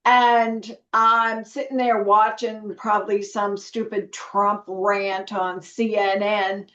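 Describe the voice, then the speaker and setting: Slow-spoken reflective nurse educator woman. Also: medium pitch, flat delivery, a bit bright. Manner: earnest, reflective, with many fillers. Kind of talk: conversational storytelling interview. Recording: dull, echoey room sound.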